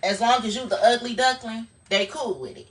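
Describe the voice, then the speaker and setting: A woman's voice: on the high side, normal speed, recorded from a distance. A woman streaming live, giving a blunt, profane motivational talk in a casual, preachy way.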